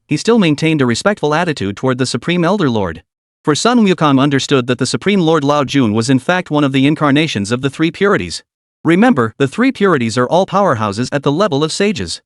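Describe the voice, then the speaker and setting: A man narrating a scripted story recap in an even storytelling delivery. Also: fairly high pitch, dry recording, studio quality.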